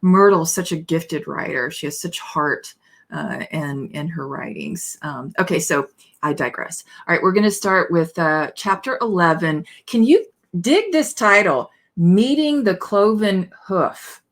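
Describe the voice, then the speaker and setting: A woman's voice: lowish voice, animated, unhurried. A woman minister giving a conversational spiritual talk, chatty and digressive, often adding "you know" and "right?" as she reads aloud from a book with asides.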